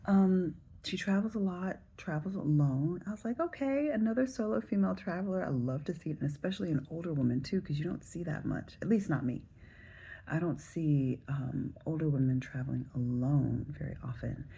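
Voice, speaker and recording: A woman in her forties from the Southern US, telling a travel story to camera in a chatty, relaxed way. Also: sits low, moderate pace, gravelly, breathy edge. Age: 40s. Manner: chatty, relaxed, addresses viewers directly. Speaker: travel vlogger.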